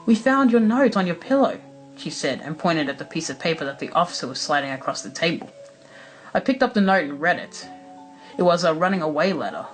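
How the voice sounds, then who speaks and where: A man narrating a first-person horror story in a measured, dramatic way. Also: a little high, fairly bright tone, poor audio. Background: background music.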